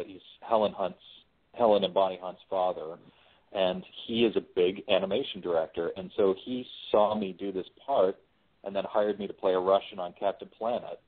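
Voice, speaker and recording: Deep-voiced guy on a phone interview, chatty and relaxed, lots of restarts, sounds tinny. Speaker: interview guest, screenwriter and voice actor. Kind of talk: casual interview chat.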